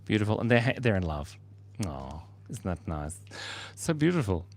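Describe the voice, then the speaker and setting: A man's voice: low-pitched, big pitch swings, moderate pace. A man hosting a casual livestream, drawing while he reads out viewers' chat messages, joking and laughing as he goes.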